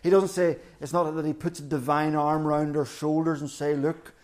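A man preaching a sermon in an earnest, deliberate way, repeating key phrases for emphasis. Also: a little high, flat delivery, a little mellow. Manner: earnest, emphatic repetition with slow deliberate pauses.

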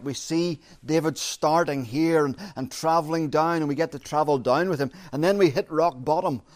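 A man preaching an expository sermon, measured and emphatic, repeating his key phrases. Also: on the high side.

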